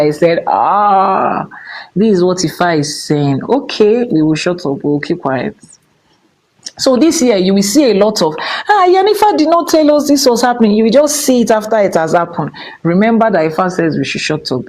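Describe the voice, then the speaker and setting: Expressive Nigerian woman teaching. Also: rough recording. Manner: expressive, drops into hushed whispers and rises to high exclamations. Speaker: Ifa priestess. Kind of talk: casual spiritual teaching.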